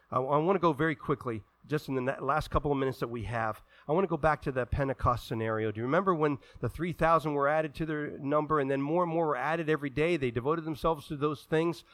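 In a dry recording, a male pastor delivers a sermon and voices the characters from the scripture stories. He swings between hushed, low asides and loud, fervent, drawn-out calls.

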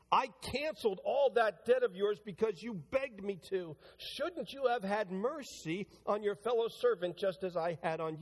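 A man's voice: high-pitched, long reverb tail. A man preaching a sermon to his church, talking conversationally and building to emphatic preaching. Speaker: pastor. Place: church sanctuary.

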